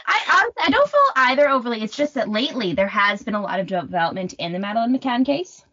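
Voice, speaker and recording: A woman's voice: on the high side, big pitch swings, fast talker, noisy background. A young woman co-hosting a podcast in casual chat, opinionated and rambling with jokes. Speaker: podcast co-host. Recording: dull lo-fi sound.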